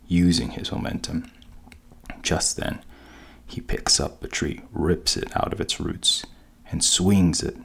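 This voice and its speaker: A man retells a story casually, pausing as he goes. His voice is extremely deep and slow, with a gravelly, husky texture. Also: a bit bright. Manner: unhurried, halting with pauses.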